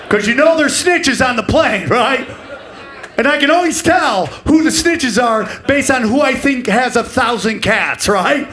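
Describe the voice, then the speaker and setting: A man in his forties doing live stand-up comedy, brash and profane, bursting into shouted voices. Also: extremely high pitch, a little hiss or hum. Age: 40s. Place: comedy stage before a laughing audience.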